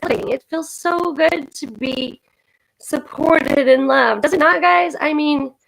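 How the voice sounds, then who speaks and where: Woman stream co-host, gravelly, earnest, repeats for comfort. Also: high-pitched, a bit bright, slight background noise, rough recording. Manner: earnest, encouraging, repeats herself. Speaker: livestream co-host. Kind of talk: casual supportive chat.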